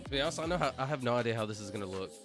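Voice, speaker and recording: A young man livestreaming, chatting loosely with his chat, reading out names and laughing loudly. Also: medium pitch, lively intonation, rapid-fire, music in the background. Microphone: headset mic.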